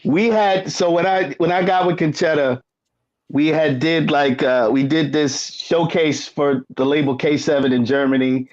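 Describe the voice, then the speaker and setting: A man's voice: a little high, steady tone, moderate pace. A man in a casual interview, laid-back as he tells a story. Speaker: guest, collaborator. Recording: dull lo-fi sound.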